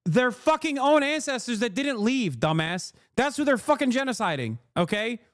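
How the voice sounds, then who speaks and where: A man's voice: very high-pitched, big pitch swings, moderate pace, no echo. A man streaming live, giving heated, profane and sarcastic commentary while reacting to clips.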